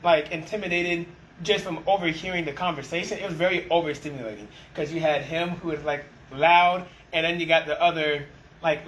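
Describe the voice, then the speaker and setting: A man with a slightly high voice tells stories from his work leading a restaurant team in a relaxed conversation. He acts out what people said with animated energy. A faint noise sits under the recording. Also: a little fast, poor audio. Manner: animated storyteller, acts out quoted exchanges. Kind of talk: casual conversation.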